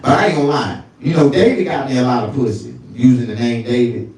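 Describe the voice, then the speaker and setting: A male stand-up comedian telling crude stories, often jumping into falsetto. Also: fast, darkish tone, heavy reverb, far from the mic. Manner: crude, storytelling, swings into falsetto.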